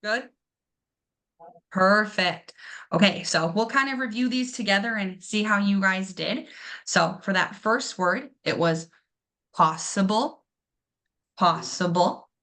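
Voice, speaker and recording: A woman's voice: medium pitch, a little slow, pushed and bright. Encouraging woman teaching pronunciation. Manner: encouraging, exaggerates syllables to demonstrate. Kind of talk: classroom English pronunciation lesson.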